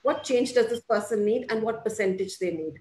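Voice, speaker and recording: A woman life coach telling stories in a casual interview, acting out quoted voices with lively expression. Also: on the high side, moderate pace, echoey room. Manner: animated storytelling with quoted voices.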